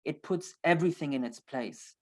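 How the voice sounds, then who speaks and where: A male teacher gives an online lecture on a sacred text. He speaks with steady emphasis and stacks short repeated phrases to drive each point home. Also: on the high side, moderate pace. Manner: emphatic, building repetition. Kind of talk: lecture explaining scripture.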